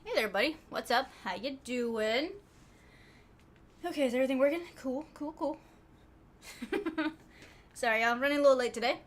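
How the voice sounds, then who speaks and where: A woman's voice: sits high, normal speed, long pauses. A woman streamer, chatting casually and laughing with her live chat viewers, a little out of breath. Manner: laid-back, chatty, laughs often, trails off with fillers.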